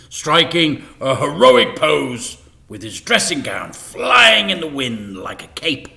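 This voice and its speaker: Slow, expressive male story reader. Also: medium pitch, creaky. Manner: expressive, slow, dropping to whispers. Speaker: teacher reading to children. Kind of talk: storybook read-aloud.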